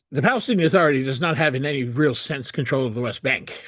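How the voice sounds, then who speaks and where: A man's voice: mid-range voice, brisk, fairly bright tone, no echo, studio quality. A man hosting a news analysis show, giving solo commentary on a document in an indignant, sarcastic and emphatic way with frequent restarts.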